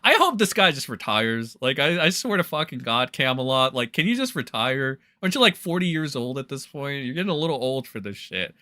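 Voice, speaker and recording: Bright-voiced man ranting mockingly. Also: mid-range voice, expressive, fairly quick, hardly any pauses, no room sound, studio quality. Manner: mocking, ranting, heavy swearing, many "like" and "all right" fillers. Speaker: livestream commentary host. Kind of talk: profane reaction commentary.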